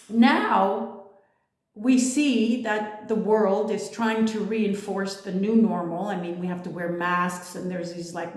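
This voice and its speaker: A woman giving a casual spiritual monologue, blunt and emphatic, swearing freely. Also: mid-range voice. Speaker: spiritual vlogger. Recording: echoey room.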